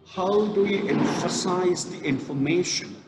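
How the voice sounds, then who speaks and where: A male college lecturer gives a classroom lesson, talking slowly and leaning hard on key words. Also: high voice, background noise. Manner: slow, emphatic, stresses key words. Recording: echoey hall, reverberant.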